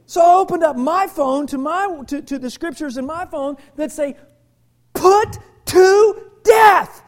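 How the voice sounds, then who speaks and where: A man preaching a sermon as pastor, animated, moving from quiet confiding talk to shouted emphasis. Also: very high voice, normal speed.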